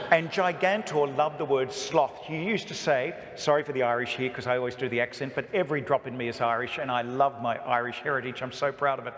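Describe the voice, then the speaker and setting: A priest from Australia giving an emphatic talk to a parish, with humor and stories woven in. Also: male voice, mid-range voice. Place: church. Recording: echoey church hall reverb.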